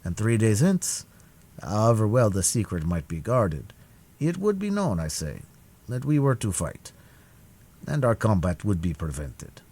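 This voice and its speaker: A man voicing a calm, dignified male musketeer in a storybook reading, speaking quiet and measured. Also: on the low side, breathy edge, heavily acted. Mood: courteous.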